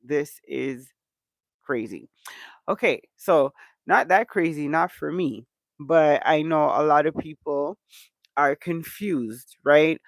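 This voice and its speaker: Slow, gravelly stuffed-up man. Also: a little high, no room sound. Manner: chatty, many "um" fillers. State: stuffed-up nose. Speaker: reaction channel host. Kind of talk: casual reaction chat.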